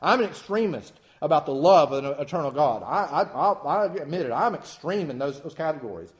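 Man preaching, high voice, very lively pitch, folksy and self-mocking. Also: a little fast. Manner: folksy, animated, self-deprecating humor. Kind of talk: sermon.

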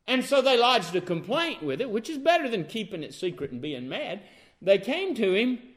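A man's voice: high voice, very animated, moderate pace. A man preaching a sermon, emphatic, asking the congregation rhetorical questions.

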